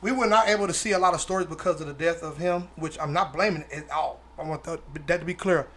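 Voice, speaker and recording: A man co-hosting a podcast in casual group chat, animated and stumbling over restarts. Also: a little high, fast talker, slight background noise. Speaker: podcast co-host.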